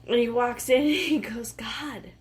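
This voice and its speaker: A woman's voice: medium pitch, takes it slowly. A woman co-hosting a podcast, telling a story in casual chat with trailing sentences and fillers. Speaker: podcast co-host.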